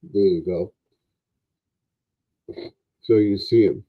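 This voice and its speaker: A man with a lowish voice hosts a casual livestream, chatting slowly and easily. The audio is dull and lo-fi. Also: husky. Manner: unhurried, chatty, talks to a toy. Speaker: livestream host.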